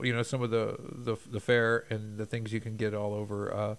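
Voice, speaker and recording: A man's voice: on the low side, level tone, fairly quick, clear, resonant tone. A man from Texas chatting casually as co-host, rambling with lots of fillers and restarts. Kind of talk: casual chat.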